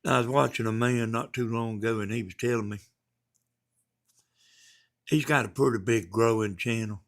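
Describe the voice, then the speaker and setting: A man's voice: mid-range voice, fairly even intonation, normal speed, vocal fry, fairly bright tone. A man from Georgia with a Southern accent, chatting casually on a livestream and reading out viewer comments in a folksy, rambling way. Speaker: livestream host.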